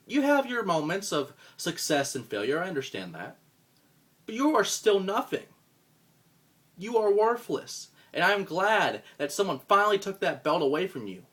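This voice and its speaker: A man cutting a scripted wrestling promo as a roleplayer, profane and contemptuous, swinging from low mutters to loud outbursts.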